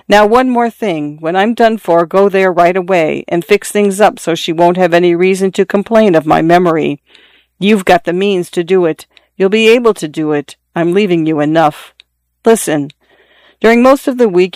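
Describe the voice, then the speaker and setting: A dying father in his forties, pressing his grown son with urgent, repeated instructions, as a reader acts him out. The voice is smooth and resonant, heard dry and close to the mic. An audiobook reading with a plain, everyday delivery. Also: mid-range voice, no echo, natural voice. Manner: confiding, insistent, repeating himself. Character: dying middle-aged father, earnest and pleading.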